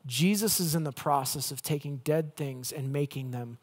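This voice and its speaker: A male pastor preaching a conversational sermon with playful asides, swinging between loud emphasis and hushed, gentle lines. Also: a little high, moderate pace, slightly rough.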